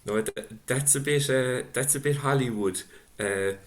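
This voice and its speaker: A middle-aged man interviewing an author and reading out audience questions, speaking in an unhurried, reflective way over a video call. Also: medium pitch, heavy background noise. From Ireland. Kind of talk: casual book-event conversation.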